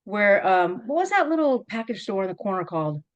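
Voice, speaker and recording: A middle-aged woman interviewing an old college teammate, reminiscing in a lively, laughing, storytelling way. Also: medium pitch, a little fast. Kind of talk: casual reminiscing conversation.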